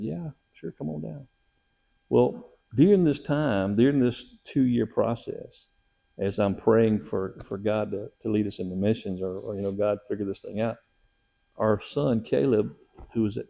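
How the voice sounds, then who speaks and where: Gravelly-voiced man telling a lively story. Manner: animated, acts out quotes with raised pitch. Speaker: missionary telling his testimony. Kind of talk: casual storytelling.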